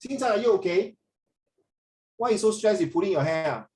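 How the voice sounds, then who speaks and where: A man's voice: high voice, lively intonation, a little fast, darkish tone, far from the mic. Chatty Singaporean male teacher, echoey. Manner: chatty, Singlish, switches into Mandarin. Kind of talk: online class teaching.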